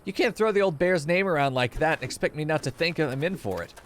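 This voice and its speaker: A man's voice: a little high, lively intonation, quick pace, slight background noise, pitched above the performer's own voice, lightly acted. A man reading aloud the lines of a nervous young man from a game, stammering and flustered.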